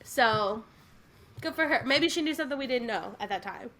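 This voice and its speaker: A woman's voice: a little high, animated, normal speed, sharp tone. A woman co-hosting a podcast, chatting casually and enthusiastically with many fillers and restarts. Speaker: podcast co-host. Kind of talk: casual chat.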